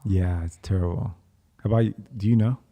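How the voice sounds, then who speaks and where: A man's voice: deep voice, steady tone, fairly quick, mellow. A man chatting casually as a podcast guest, friendly and laughing, often stammering and restarting.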